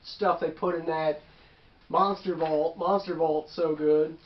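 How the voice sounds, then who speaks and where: A man's voice: on the high side, steady tone, takes it slowly, reverberant, muffled recording. A man casually recounting a tabletop game session as its game master, rambling with asides and self-corrections. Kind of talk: casual storytelling.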